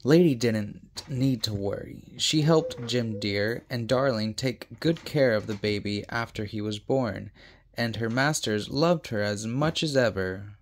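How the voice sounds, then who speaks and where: A man reading a children's storybook aloud, unhurried, with mumbled asides between passages. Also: medium pitch, slight background noise. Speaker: storybook reader.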